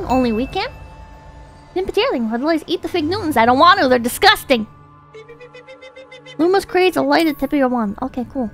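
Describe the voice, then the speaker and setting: A woman streaming a video game, chatting casually to her viewers in a playful, exclamatory way with frequent swearing. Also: sits high. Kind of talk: casual gameplay commentary.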